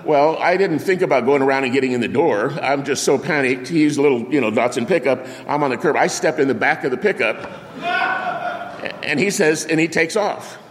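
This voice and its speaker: An older male preacher with a middle-pitched voice tells a story from the pulpit a little fast, animating the anecdote with sound effects and acted-out quotes in a storytelling sermon. A long reverb makes it sound like a large hall, such as a big church sanctuary.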